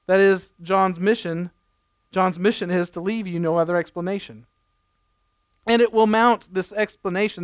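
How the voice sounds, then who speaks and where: Guy preaching, pretty high voice, smooth and clear, chatty asides, dry close sound. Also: a bit bright, no room sound. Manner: conversational preaching with playful asides. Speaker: pastor. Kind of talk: sermon.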